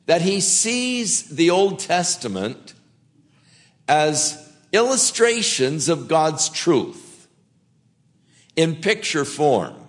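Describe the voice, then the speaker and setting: Slow-speaking man preaching a sermon. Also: a little high, sing-song. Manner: slow, gentle, many small restarts. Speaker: pastor.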